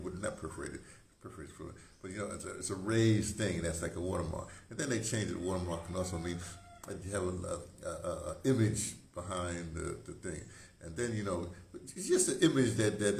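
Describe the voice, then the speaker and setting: A man's voice: sits low, vocal fry, darkish tone, reverberant, slight background noise. A man hosting his own video, rambling off-script and cutting himself off as he jokes and wanders between thoughts. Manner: digressive, restarts often, jokes with himself. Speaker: video host, former radio broadcaster. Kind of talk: rambling casual monologue to camera. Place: indoor room with incense burning. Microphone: camera mic.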